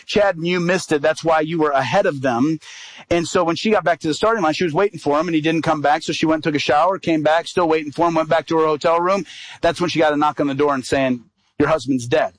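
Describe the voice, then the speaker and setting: A man's voice: on the high side, no echo, low-quality recording. A middle-aged man, an evangelist, telling a personal story in a sermon and acting out the dialogue. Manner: animated storyteller, acts out quoted dialogue.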